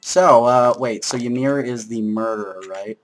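A man co-hosting a let's play, giving casual, excitable gaming commentary full of jokes and shouts. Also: mid-range voice, normal speed.

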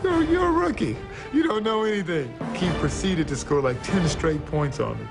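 A man, a former basketball player, telling a self-mocking story in an animated documentary interview. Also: sits high, normal speed, creaky. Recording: interview clip with music behind.

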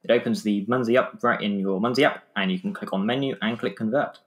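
A man with an English accent, a podcast guest explaining app steps in a matter-of-fact way. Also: lowish voice. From England. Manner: brisk, matter-of-fact instructions.

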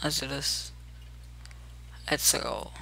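Young gamer talking through gameplay, chatty and hyped, pretty bright voice. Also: extremely slow, a little hiss or hum. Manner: chatty and upbeat, narrates moves, counts down out loud. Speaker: gameplay video host. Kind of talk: casual let's-play commentary.

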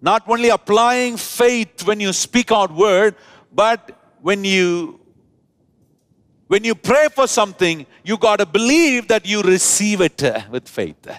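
A male pastor from India preaches a sermon in a church, drawing out key words and calling on the congregation to repeat after him. His high voice is animated and fairly bright, with no room sound.

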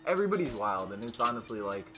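Teen boy, casual storytime vlog, rambling with fillers, medium-pitched voice, music playing underneath. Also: very animated, quick pace. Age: teens. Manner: rambling, lots of fillers and restarts, loud when quoting friends. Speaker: YouTuber.

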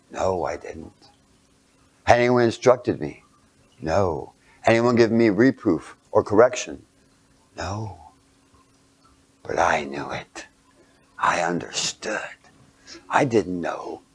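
Telling a story from his childhood, a man preaches with animation in a medium-pitched voice. Now and then he drops almost to a whisper and asks his audience rhetorical questions.

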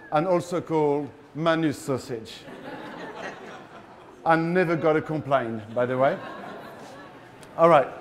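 A chef with a French accent runs a live cooking demo in front of a big crowd. He's playful and teasing with the audience, and his man's voice sits a little on the high side. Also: slight background noise.

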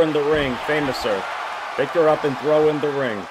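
A man giving casual, reactive commentary on a wrestling video game, swearing and yelling at the screen as he pleads with the characters. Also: a little high, brisk. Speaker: gameplay commentator. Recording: game crowd and noise behind voice.

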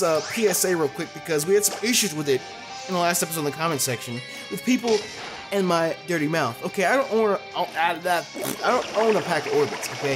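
A young adult commentating a Pokémon Let's Play, loud, profane and animated, with a desk mic and facecam. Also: mid-range voice. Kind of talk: gaming commentary.

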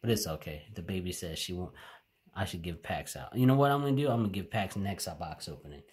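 Deep-voiced man hyping card pulls. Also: fast, a crowd in the background. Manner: excitable, chatty, talks straight to viewers. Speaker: card-opening channel host. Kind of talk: casual card-opening vlog. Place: home. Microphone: home camera setup.

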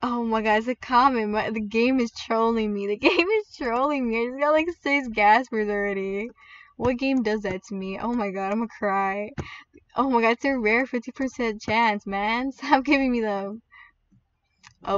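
A woman giving chatty, excitable commentary while playing a game, with squeals and laughs as she opens pets. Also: on the high side, moderate pace, clear, resonant tone, no room sound, distant mic, highs cut off. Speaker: gaming video creator. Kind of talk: gaming commentary.

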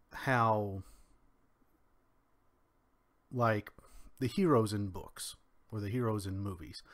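Slow-talking man with a faint Kentucky twang. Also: fairly low pitch. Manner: measured, drawn-out delivery with pauses. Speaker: commentary podcaster. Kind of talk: solo spoken commentary.

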